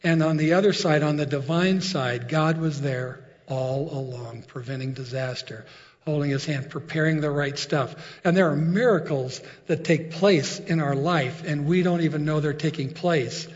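A fairly high-voiced man preaches earnestly, telling a story to make his point. The sound is dull and lo-fi, and a long echo follows each phrase. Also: moderate pace. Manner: storytelling, earnest, with filler restarts. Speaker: pastor. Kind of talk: sermon.

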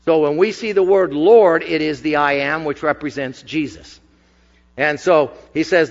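A man's voice: fairly high pitch, unhurried. Emphatic male preacher in a reverberant hall. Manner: conversational, emphatic preaching with asides. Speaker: pastor. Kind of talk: sermon. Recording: dull recording with long hall reverb.

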